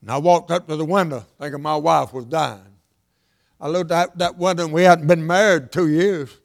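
Gravelly older preacher. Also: male voice, a little high, moderate pace. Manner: emphatic, repetitive preaching with sudden loud and hushed lines. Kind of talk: sermon.

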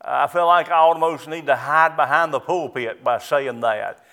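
A man's voice: a little high, normal speed, pushed and bright. A middle-aged man preaching a sermon as pastor, emphatic and repetitive, stressing key words.

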